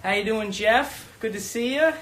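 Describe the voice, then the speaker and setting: A man's voice: high voice, normal speed, a bit bright, soft background music. A man in his thirties hosting a live-streamed stand-up set from home, with a rambling, profane, self-mocking manner. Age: 30s. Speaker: stand-up comedian and host. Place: home in Brooklyn.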